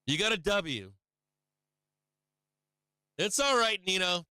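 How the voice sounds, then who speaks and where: Brash trading-stream host, a man with a sharp, high voice, swearing freely. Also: big pitch swings, slow pace, clear, resonant tone, no echo. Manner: brash and profane, laughing often. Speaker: stock market livestream host. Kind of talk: live trading commentary.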